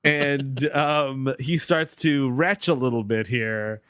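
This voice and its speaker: A man's voice: medium pitch, slow pace, a bit bright, clean tone, dry recording, studio quality. A middle-aged man co-hosting a comedy movie-review podcast, joking in casual chat and laughing often. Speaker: podcast co-host.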